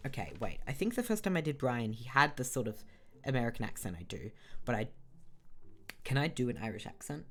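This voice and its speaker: A man's voice: medium pitch, sing-song, fairly quick, fairly bright tone. A man from Australia doing casual, self-mocking commentary while playing through a game. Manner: casual, self-mocking asides about his accents.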